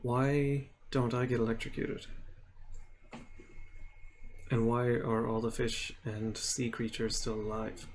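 A man's voice: medium pitch, level tone, slow pace, pauses often, a little hiss or hum. A young man chatting casually on a live stream, rambling and curious, cracking jokes.

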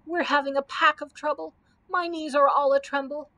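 A woman's voice: high-pitched, steady tone, moderate pace, sharp tone, voice pushed up. Woman putting on a wailing, tearful camel. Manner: wailing, sobbing. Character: timid, tearful male camel.

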